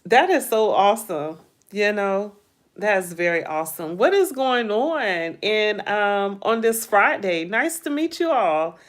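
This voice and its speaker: Slow, chatty woman hosting a livestream. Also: mid-range voice, animated. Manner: drawn-out, playful, asks viewers many questions. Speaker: livestream host. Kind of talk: casual livestream chat reading viewer comments.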